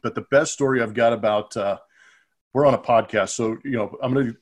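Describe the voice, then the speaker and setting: A middle-aged man with a medium-pitched voice talks fairly quickly as he co-hosts a podcast. A former ballplayer, he spins chatty, rambling anecdotes from his playing days, often restarting his sentences in this casual storytelling chat.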